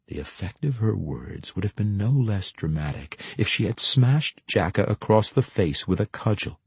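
Husky-voiced male storybook narrator. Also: deep voice, normal speed, hardly any pauses, no echo. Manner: expressive storytelling reading. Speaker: audiobook narrator. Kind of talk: scripted narration.

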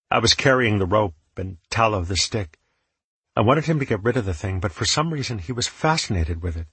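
Low, husky male audiobook narrator. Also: fairly bright tone, no echo. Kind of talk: first-person story narration.

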